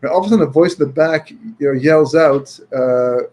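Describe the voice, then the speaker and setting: Here a Torah speaker tells a story in a husky, somewhat high male voice, going a bit fast. He's chatty, often saying "you know" and restarting, and peppers his talk with Yiddish and Hebrew words, getting loud and forceful when making an argument.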